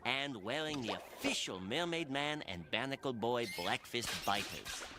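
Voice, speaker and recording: A man's voice: medium pitch, animated, measured pace, very noisy, natural voice. A man voicing a cheery male cartoon narrator with a storybook announcer cadence, in a clip over music. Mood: announcing.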